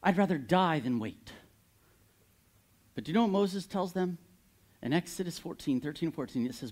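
A man preaching a sermon, candid and animated, retelling a Bible story with occasional laughs. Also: high voice, fairly quick.

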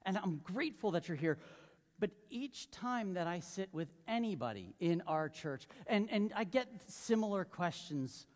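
A man's voice: high-pitched, expressive, normal speed. A male pastor preaching a sermon in a loose, conversational way, joking and putting questions to the congregation. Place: church sanctuary. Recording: long reverb of a large hall.

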